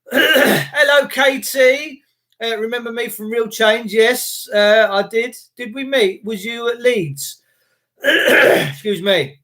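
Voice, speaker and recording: A middle-aged man hosting a casual live stream, greeting viewers by name, his voice worn from a recent flu and broken by throat clearing. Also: very high-pitched, slow, sharp tone. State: recovering from flu, voice cracking. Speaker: livestream host.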